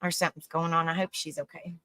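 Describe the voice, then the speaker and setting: A woman's voice: low voice, little pitch movement, quick pace, bright, forceful tone. A woman hosting a casual livestream, reading viewers' comments aloud, laughing often and rambling through restarts, calling people honey and sweetie. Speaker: live stream host.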